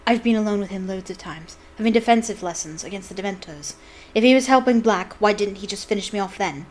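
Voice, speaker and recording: A defiant teenage schoolboy wizard, as a woman reads him aloud. He argues back quickly and stands firm. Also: mid-range voice, natural voice, rough recording.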